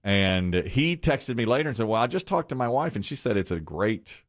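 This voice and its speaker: A middle-aged man hosting a morning radio show, telling a story in a casual, animated way and laughing often. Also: mid-range voice, normal speed. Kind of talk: casual chat.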